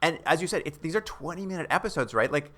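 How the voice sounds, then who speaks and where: Podcast co-host: man, bright forceful tone, rambling and jokey, does silly voices for quotes. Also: fairly high pitch, animated, fast talker. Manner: rambling, joking, acts out quotes in playful voices. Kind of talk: casual chat recapping a TV episode.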